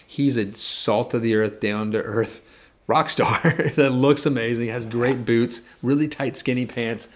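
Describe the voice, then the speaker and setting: A man who co-hosts a guitar shop channel, telling a story in casual chat. He rambles, jokes and makes quick asides. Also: medium pitch.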